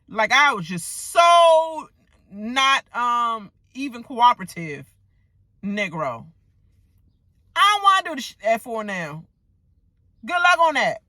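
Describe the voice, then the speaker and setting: Brief: woman vlogger, bright forceful voice, dry close sound, profane ranting TV recap. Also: on the high side, unhurried, long pauses, no room sound. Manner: animated, profane, joking asides.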